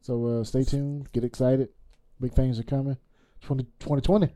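A man's voice: medium pitch, little pitch movement, normal speed, warm tone. A man co-hosting a podcast, chatting casually and laughing often. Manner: laughing, loose and playful. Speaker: podcast co-host. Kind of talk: casual chat.

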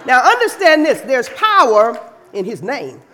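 Animated woman preaching with a bright voice. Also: high-pitched, a little slow, some chatter behind, slight background noise. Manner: playful, teasing, animated delivery. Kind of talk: lively sermon to a congregation. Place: church.

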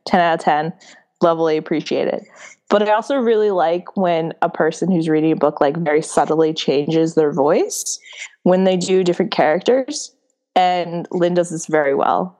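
A woman's voice: fairly low pitch, steady tone, normal speed, darkish tone. Young woman, book podcast co-host; casual, gushing, enthusiastic delivery with lots of "like"s. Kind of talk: casual book review chat.

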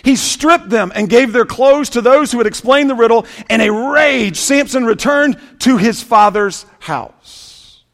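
Man, pastor, sermon, high voice, dramatic storytelling, loud and hushed swings, sarcastic asides. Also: unhurried, vocal fry.

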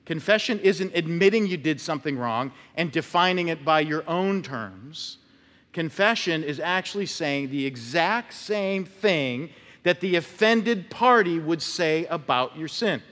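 A man's voice: on the high side, animated, unhurried, a bit bright. A male pastor preaching a conversational sermon, telling stories and acting out short quotes. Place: church sanctuary. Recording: long church reverb.

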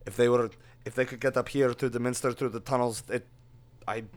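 A man voicing a worried king facing a crisis, speaking in urgent, halting bursts. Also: mid-range voice, steady tone, close to an everyday voice.

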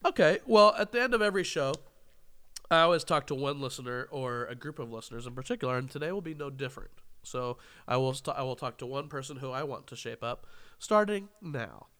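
A man's voice: mid-range voice, quick pace, a bit bright, clear, resonant tone. Joking man hosting a podcast. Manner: jokey, laughs often, rambling. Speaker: podcast host. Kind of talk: casual interview chat.

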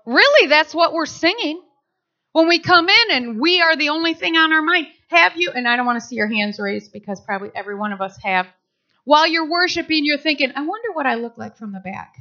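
High bright-voiced woman preaching. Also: a little fast, highs cut off. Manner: animated storytelling with acted quotes. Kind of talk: sermon.

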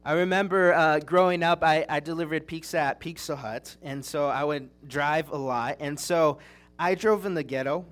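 A man's voice: fairly high pitch, normal speed, a bit bright. Earnest young man preaching a sermon. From Southern California. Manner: earnest, conversational storytelling with restarts.

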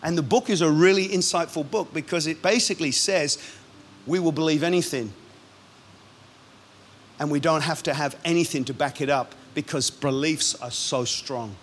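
A man, a pastor, preaching a sermon in a lively, punchy way with quick asides. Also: a little high.

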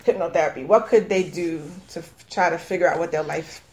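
A woman hosts a conversational radio interview. She asks questions, laughs easily and acts out little quoted exchanges as she tells her own stories. Her talk is lively and friendly. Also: on the low side, brisk, a little hiss or hum. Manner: lively, laughs often, animated retelling. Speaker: host, life coach.

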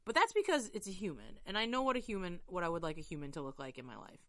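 A woman's voice: fairly low pitch, big pitch swings, very fast, no room sound, clean studio sound. A woman co-hosting a comedy podcast, reacting in a wry, exasperated way. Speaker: podcast co-host. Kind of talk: casual comedic banter.

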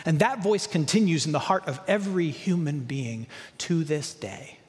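A man's voice: a little high, animated, normal speed. Man, pastor, sermon, emphatic, rhetorical questions, reverberant space. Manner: emphatic preaching with repeated lists and rhetorical questions.

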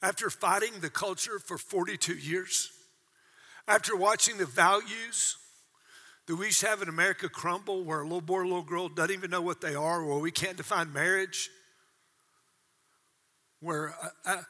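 Older male pastor, 60s, high bright husky voice, dramatic sermon delivery, long church-hall reverb. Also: moderate pace, long pauses. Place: church auditorium.

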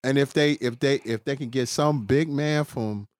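A man's voice: mid-range voice, normal speed, darkish tone, dry recording. A man on a casual group chat, insistent and talking over others to be heard. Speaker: panelist.

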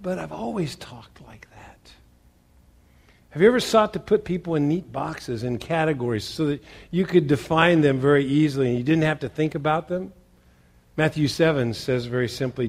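Male pastor, conversational sermon delivery, fairly high voice, loud emphasis then quiet asides. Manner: conversational preaching with rhetorical questions.

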